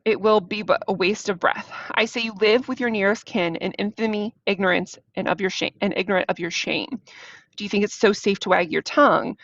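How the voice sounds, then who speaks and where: Proud angry king, scornful and accusing, gravelly edge, dull dry recording, read by a woman. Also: mid-range voice, fairly even intonation, brisk, fairly bright tone, no echo.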